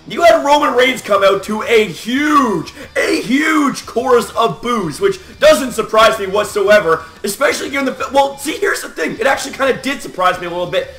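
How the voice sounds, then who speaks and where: Man, high voice, sharp tone, excited swearing rant, echoey room. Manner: loud, animated, swearing, frequent shouts. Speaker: wrestling fan vlogger.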